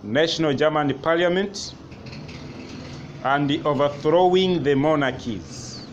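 A male history teacher dictates notes to a class, slowly repeating each phrase. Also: a little high, muffled recording. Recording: noisy classroom ambience.

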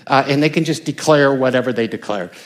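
Older man, American, pastor, casual sermon, emphatic bursts, mid-pitched. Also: brisk. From United States. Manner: conversational, rising emphatic bursts.

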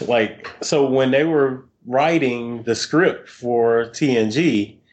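A man's voice: medium pitch, takes it slowly, a little mellow. A man co-hosting a podcast, telling stories in a rambling, chatty way. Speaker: podcast co-host. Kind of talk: casual podcast chat.

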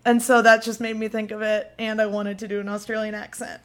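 A woman's voice: mid-range voice, little pitch movement, fairly quick, few pauses, fairly bright tone. A woman co-hosting a podcast, chatty and giggly. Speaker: podcast co-host. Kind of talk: casual chat.

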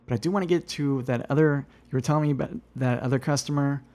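A man's voice: mid-range voice, fast talker. Easygoing man hosting a podcast chat. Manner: relaxed, conversational, many fillers and agreeing replies. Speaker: podcast host. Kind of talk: casual podcast conversation.

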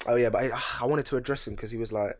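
A man's voice: mid-range voice, steady tone, rapid-fire, a crowd in the background. A young man, co-hosting a podcast in slangy, laid-back banter. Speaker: podcast co-host. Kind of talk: casual chat.

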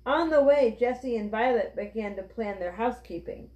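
A woman reading a children's book aloud with clear, steady storytelling. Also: fairly high pitch, normal speed. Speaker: reader. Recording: roomy, dull lo-fi.

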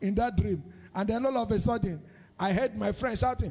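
A man's voice: high voice, normal speed, a little mellow, in a large hall. A man with a Nigerian accent preaching a sermon as pastor, in a sing-song style that throws questions out to the congregation. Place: church service.

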